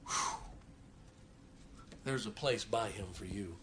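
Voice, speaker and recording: A man preaching a sermon, swinging between quiet asides and forceful scripture reading. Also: fairly low pitch, takes it slowly, long pauses, slight background noise. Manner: folksy, emphatic, reads scripture aloud with rising force.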